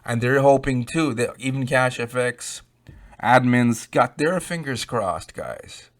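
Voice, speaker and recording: A man's voice: mid-range voice, slow pace. A man giving rambling, emphatic, unscripted commentary, addressing viewers directly. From Canada. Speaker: YouTube crypto commentator.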